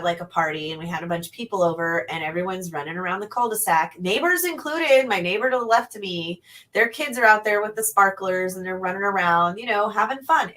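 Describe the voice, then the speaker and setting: A woman chatting casually, telling an animated, rambling story and swearing freely. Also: mid-range voice.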